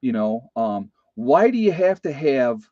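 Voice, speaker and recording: A man's voice: medium pitch, big pitch swings, unhurried, dark tone, no room sound. A man, hosting his homestead channel, telling a personal story in a rambling way, repeating phrases and talking straight to his viewers. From United States. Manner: rambling, repeats phrases, addresses folks directly. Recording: dry, slightly dull home recording.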